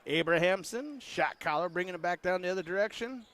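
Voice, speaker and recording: A man giving casual play-by-play of a high school basketball game, joking and voicing what the players might be saying. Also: expressive, fairly quick, fairly bright tone. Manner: joking, voices the players' imagined words. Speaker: play-by-play announcer. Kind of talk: casual sports commentary.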